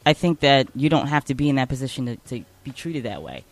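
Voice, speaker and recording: A woman's voice: extremely low pitch, sing-song, fast, no room sound. A woman telling a wry personal story in a casual group chat.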